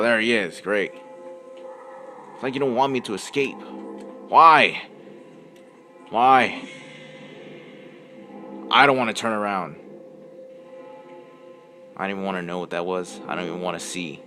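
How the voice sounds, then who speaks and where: A man's voice: medium pitch, a bit bright. A young man commentating on a horror game he is playing, yelping at scares and muttering to himself in between. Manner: jumpy, yelps and screams at scares, mutters to himself. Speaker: gameplay commentator.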